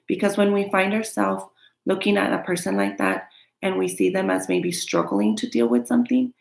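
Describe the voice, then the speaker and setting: A woman's voice: fairly low pitch, vocal fry. A woman talking to her viewers in an earnest, candid and frank self-help vlog. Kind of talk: motivational self-help talk. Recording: echoey room.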